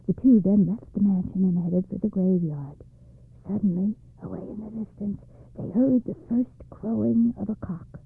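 A storyteller reading a folktale aloud in a measured, expressive way. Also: medium pitch, gravelly, a little hiss or hum. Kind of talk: storybook narration. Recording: dry, phone-like narrow band.

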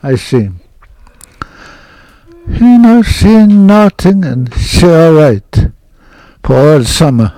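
Older guy, slow halting story in broken english, darkish voice. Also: on the high side, very animated, dark tone, no echo, poor audio. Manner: halting nonstandard English, short broken phrases. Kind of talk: oral history storytelling.

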